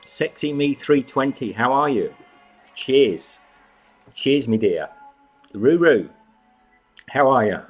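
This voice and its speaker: A man's voice: mid-range voice, lively intonation, takes it slowly, long pauses, soft background music. A man hosting a casual live chat from home, greeting viewers by name and snacking as he talks. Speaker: live stream host.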